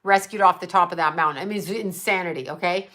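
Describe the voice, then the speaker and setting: A woman's voice: on the low side, fast, pushed and bright. A middle-aged woman chatting casually and rambling through a story, digressing often, laughing and swearing.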